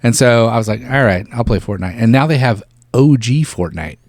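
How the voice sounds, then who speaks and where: A man's voice: medium pitch, a little fast, a little mellow, dry recording, studio quality. A man co-hosting a podcast, telling a gaming story in casual chat and laughing along. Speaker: podcast co-host.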